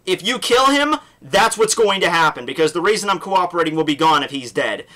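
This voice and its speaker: A man's voice: a little high, expressive, fast, fairly bright tone. A man voicing a cool male fighter, paraphrasing his threats loosely in a casual recap. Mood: menacing.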